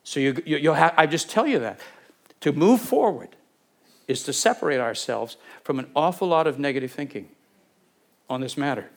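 A male pastor delivers a sermon with animated energy. His voice sits a little high and swings widely in pitch as he acts out scenes from the Bible. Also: normal speed, creaky.

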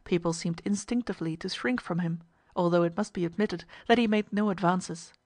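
A woman's voice: fairly low pitch, a little fast, a little mellow, no room sound. Woman reading a story, dry sound. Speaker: narrator. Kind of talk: scripted story narration.

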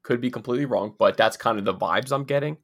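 A man co-hosting a casual show chat, halting and repeating his words as he talks. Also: medium pitch, fairly bright tone. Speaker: podcast co-host.

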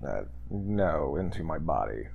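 Male player, goofy and melodramatic, unhurried delivery. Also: extremely low pitch, sing-song, vocal fry, breathy edge, phone-quality sound. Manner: goofy, dramatic, joking. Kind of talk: in-character tabletop play.

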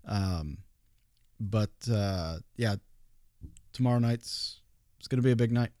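A man's voice: on the low side, slow, dark tone, dry recording, studio quality. A man talking casually as a podcast guest, rambling with many fillers and restarts. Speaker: guest paranormal investigator.

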